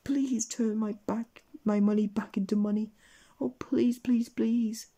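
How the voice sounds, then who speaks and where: A man's voice: sits high, fairly even intonation, measured pace, dark tone, voice pushed up. A man voicing a stingy, grumpy male miser who turns whiny and pleading. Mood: wailing. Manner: whiny and pleading when scared.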